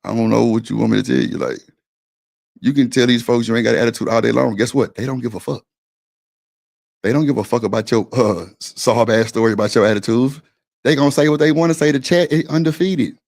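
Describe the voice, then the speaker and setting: Guy with a gravelly voice going off on a stream, blunt and repetitive, cussing a lot. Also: medium pitch, brisk, a little mellow. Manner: blunt, insistent, repeats himself, swears freely. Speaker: stream panel host. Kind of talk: heated argument on a live stream.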